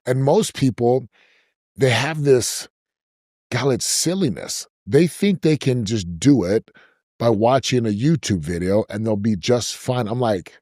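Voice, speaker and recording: A man's voice: medium pitch, measured pace, no room sound, studio quality. Emphatic man coaching on a podcast. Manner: energetic, emphatic, repeats himself when stressing a point. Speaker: podcast guest, business coach. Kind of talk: conversational interview.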